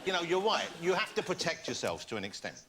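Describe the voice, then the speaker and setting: A man's voice: a little high, very animated, fast talker. A man hosting a chat show, teasing his guests in a playful, jokey way. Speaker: talk show host. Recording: studio with loud audience and noise.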